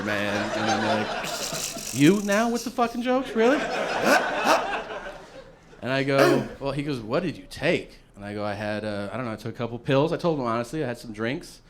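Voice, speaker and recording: A man's voice: on the low side, fast, few pauses, very noisy. A man doing stand-up comedy, telling a long story with plenty of swearing and acting out what other people said. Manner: profane, acts out other people's lines.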